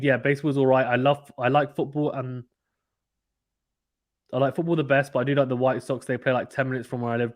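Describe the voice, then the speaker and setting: A man from the United Kingdom hosts a casual cricket watchalong at a mid-range pitch. He chats easily, reads out viewers' comments, and his voice lifts when a big shot is played. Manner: chatty, reads viewer comments aloud, gets excited at big shots. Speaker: host reading live chat.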